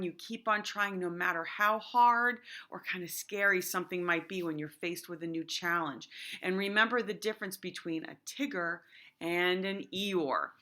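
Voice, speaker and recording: Woman teacher, upbeat, encouraging, animated, bright voice. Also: on the low side. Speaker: elementary school teacher. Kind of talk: recorded classroom lesson and storybook reading.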